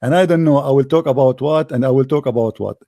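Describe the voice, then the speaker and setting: A man's voice: mid-range voice, fast, warm tone, no echo, studio quality. A man giving a casual reaction commentary on a debate clip, mocking and combative, laughing often, speaking English that is not his first language. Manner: non-native English grammar.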